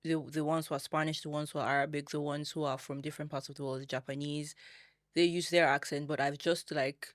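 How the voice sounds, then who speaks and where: A woman's voice: low-pitched, little pitch movement, fast, dry recording. Woman, podcast guest, conversational storytelling, dry close recording. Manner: storytelling with quoted inner asides. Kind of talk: conversational interview.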